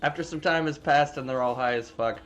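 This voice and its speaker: A man's voice: a little high, fairly quick, fairly bright tone. A man casually retelling a movie plot in a rambling, profane, filler-heavy way. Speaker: movie reviewer. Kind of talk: casual spoiler recap.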